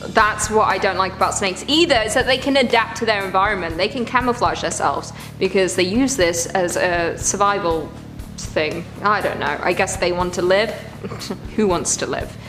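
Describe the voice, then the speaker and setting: A woman's voice: medium pitch, normal speed, music in the background. A woman hosting a reaction video, chatting casually and groaning in disgust as she rambles. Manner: squeamish, exclaiming, rambling.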